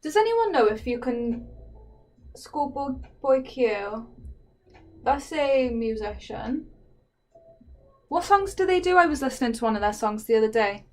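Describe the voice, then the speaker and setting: A woman's voice: sits high, big pitch swings, measured pace, pauses often. A woman chatting casually with viewers while she paints, self-deprecating and trailing off into ums. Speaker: streamer painting live.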